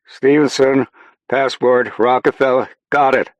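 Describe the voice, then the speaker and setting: A man's voice: low voice, normal speed, breathy edge. A man voicing an easygoing airman who is a doctor. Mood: shouting. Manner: easygoing, shouting over crowd later.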